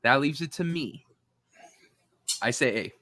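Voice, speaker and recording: A man's voice: medium pitch, measured pace, sharp tone. A man hosting a casual panel, tallying the votes and joking with the others. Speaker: host, moderator.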